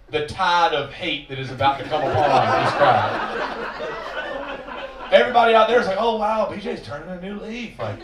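A man telling a long, profane, self-mocking story on stage between songs at a live show. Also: on the high side. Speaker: singer-songwriter telling stories on stage. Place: live venue with audience. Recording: roomy live recording from a distance. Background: audience ambience.

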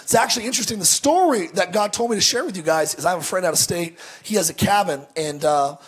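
A male pastor telling stories in a sermon, animated and joking, often stumbling and restarting his words. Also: high-pitched, fast, husky. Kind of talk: sermon storytelling.

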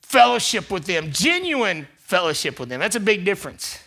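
Bright-voiced male pastor preaching. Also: high voice, very animated, normal speed, vocal fry. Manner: preaching with swings from loud emphatic peaks to quiet asides; repeats phrases for emphasis. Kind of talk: sermon. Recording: live church service.

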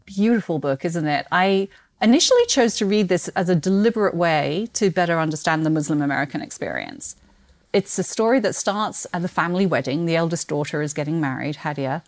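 A woman's voice: on the low side, lively intonation, a little fast. A woman from Britain with a British accent and a slight Australian twang, chatting animatedly about books as a podcast guest and laughing often. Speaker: guest, books marketing executive.

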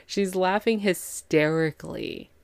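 A woman with a low, gravelly voice chats through a show recap as a podcast host. She is worn out from a long day and rambles with lots of fillers, slipping into quick impressions of the characters. The sound is close and dry. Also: dry recording. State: tired after a long day. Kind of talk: casual chat.

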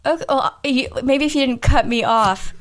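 A woman's voice: high-pitched, moderate pace. A young woman co-hosting a comedy podcast, giggly and self-deprecating, chatting casually and trying silly impressions. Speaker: podcast co-host.

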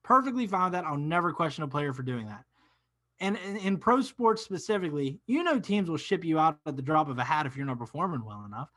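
Young guy on a sports podcast, kinda high voice, blunt takes, does goofy impressions of players. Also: fast talker. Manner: opinionated, acts out players in animated quotes. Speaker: podcast co-host. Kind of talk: casual sports talk.

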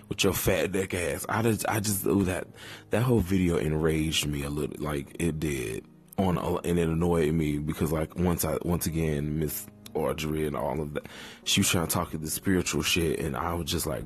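Very deep-voiced sassy man. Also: soft background music. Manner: sassy, drawn-out, cursing. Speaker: podcast host. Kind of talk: casual commentary monologue.

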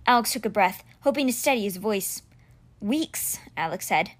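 A woman reading a children's fantasy novel aloud with expressive storytelling. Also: medium pitch, a little fast. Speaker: audiobook reader.

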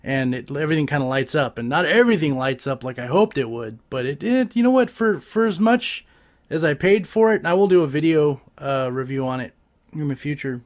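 Guy with a pretty high voice, swearing a lot while he rambles through a review. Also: a little fast. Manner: profane, animated, rambling with restarts. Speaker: podcast host reviewing gadgets and movies. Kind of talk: casual crude review chat.

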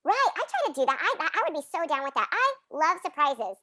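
A woman's voice: sits high, big pitch swings, quick pace, bright, forceful tone, dry recording, clean studio sound, soft background music. A woman in her thirties co-hosting a casual podcast, chatty, often laughing and acting out quotes. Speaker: podcast co-host. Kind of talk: casual chat recapping a sitcom episode.

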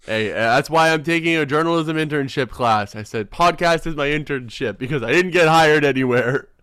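A young man hosting a casual sports podcast, excitable and quick to laugh, often restarting his sentences. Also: on the high side, clean tone, no room sound, clean studio sound. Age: young adult. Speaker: podcast host.

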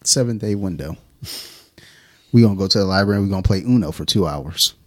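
In a home studio, a man co-hosts a beer podcast, swapping stories in casual, profane chat and acting out the lines he quotes. His low voice is expressive and fast.

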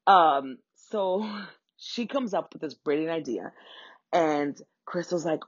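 A young adult woman telling a funny personal story in a casual, animated way, swearing freely and acting out the voices of people in it. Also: low voice, slow, dry recording, lo-fi sound. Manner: animated, profane, acts out quoted voices.

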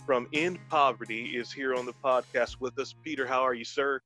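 A man's voice: medium pitch, fairly even intonation, normal speed, sharp tone, soft background music, poor audio. A man hosting a Christian podcast, talking earnestly and eagerly, opening with a prayer and reading verses, with many fillers. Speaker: podcast host.

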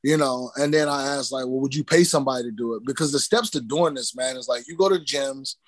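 A man telling stories as a guest in a casual interview, lively and profane, acting out the voices of people he quotes. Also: mid-range voice, quick pace, dry recording. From New Mexico. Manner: animated, swearing, acts out quoted voices.

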